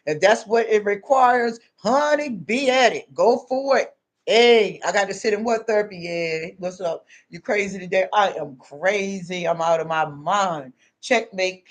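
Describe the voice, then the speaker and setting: A woman's voice: medium pitch, a little slow, few pauses. A woman talking straight to camera in a casual vlog, telling stories bluntly and preaching in emphatic asides. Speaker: spiritual vlogger.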